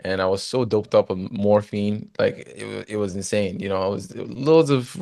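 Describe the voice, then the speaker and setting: A man, a former footballer, telling his story as a guest in a casual interview, animated and often saying "you know". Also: fairly low pitch, moderate pace, vocal fry, no echo, clean studio sound.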